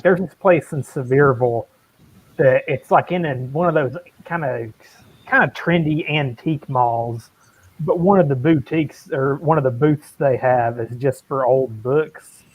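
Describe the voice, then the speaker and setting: A man's voice: medium pitch, unhurried, dry recording. Easygoing man on a muffled podcast line. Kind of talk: casual chat.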